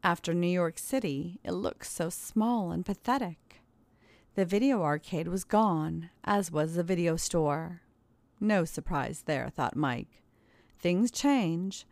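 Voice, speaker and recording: Low-voiced woman narrating a story. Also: animated, slow pace, a little mellow, no echo. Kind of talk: audiobook narration.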